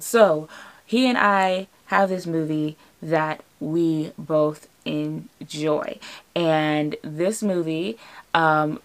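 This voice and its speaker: A young woman talking straight to her camera in a loose, chatty vlog, her voice sitting a little low for a woman. She tells the story with animated energy and breaks into laughter now and then. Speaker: vlogger.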